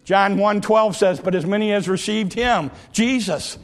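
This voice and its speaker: A man preaching a sermon with an emphatic, repetitive cadence, sometimes rising to shouts. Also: high-pitched, unhurried.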